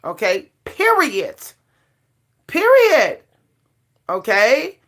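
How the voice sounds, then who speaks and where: A middle-aged woman with a fairly high voice rants casually to her camera. She talks emphatically and circles back to her points with short, punchy refrains. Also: fairly bright tone. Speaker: vlogger.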